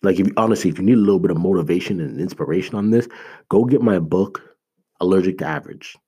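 Deep, husky man giving an earnest pep talk. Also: quick pace, warm tone. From Canada. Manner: earnest, emphatic, repeats key phrases; conversational, full of "like" and restarts. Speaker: motivational speaker and author. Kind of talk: motivational talk.

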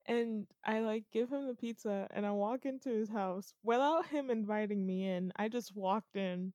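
A woman's voice: mid-range voice, normal speed, no echo, highs cut off. A young woman casually recounting a dream to a friend, often laughing as she tells it. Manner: laughs often, animated storytelling. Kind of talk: casual chat telling a dream.

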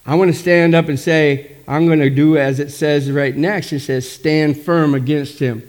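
Middle-aged pastor, slightly high voice, punchy preaching with constant "amen?" calls. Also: male voice, fairly even intonation, moderate pace, a little mellow. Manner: emphatic, frequent calls of "amen?". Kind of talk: sermon.

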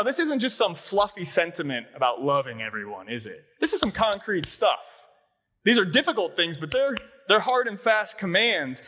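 A male pastor preaches in a church, his voice sitting high and sounding bright. He keeps it conversational, tossing rhetorical questions out to the congregation. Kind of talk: sermon. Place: church sanctuary.

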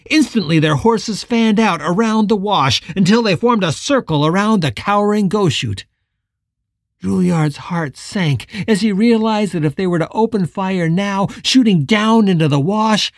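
A man narrating a novel in measured, dramatic audiobook style. His voice is fairly high for a man and gravelly, and the recording is close and dry. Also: no echo. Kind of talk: scripted narration.

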